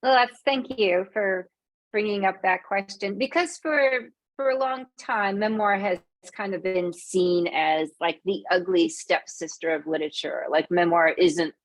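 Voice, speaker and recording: A woman's voice: medium pitch, measured pace. A woman author talking in a casual, chatty way on a video call, often saying "like". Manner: conversational, chatty, uses "like" often. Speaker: memoir author guest.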